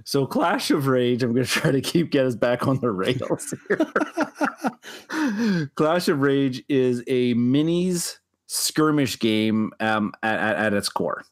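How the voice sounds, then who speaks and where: A man's voice: mid-range voice, animated, takes it slowly. A man co-hosting a casual board game chat, often stumbling over and repeating his words and breaking into laughter. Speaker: board game podcast co-host.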